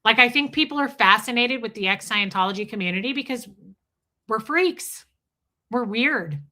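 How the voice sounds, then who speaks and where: Woman livestream host, bright and sharp-toned, blunt and confessional. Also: on the high side, expressive, normal speed. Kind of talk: casual livestream talk with chat shout-outs.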